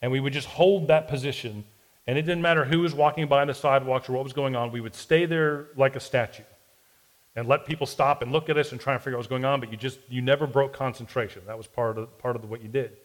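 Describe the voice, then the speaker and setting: A man's voice: mid-range voice, fairly even intonation, quick pace, low-quality recording. A man in his forties telling a self-deprecating personal story in a sermon-style podcast, with a Southern US accent. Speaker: pastor.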